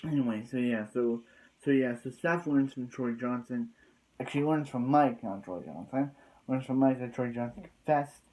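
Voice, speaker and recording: A man's voice: medium pitch, normal speed, darkish tone, rough recording. A man casually recapping a TV episode, rambling with constant fillers and restarts. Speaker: TV episode reviewer.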